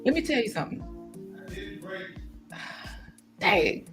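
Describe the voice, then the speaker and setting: A woman hosting a garden livestream in casual chat, animated and chatty, breaking into laughter often. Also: fairly high pitch, slow pace, soft background music.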